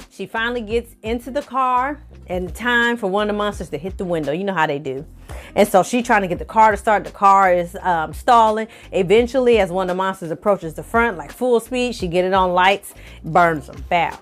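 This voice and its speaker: A woman recapping an episode in a casual vlog, animated and profane, acting out the characters' lines as she tells it. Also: medium pitch, normal speed, faint music behind. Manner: animated, profane storytelling with acted-out quotes. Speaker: film review vlogger.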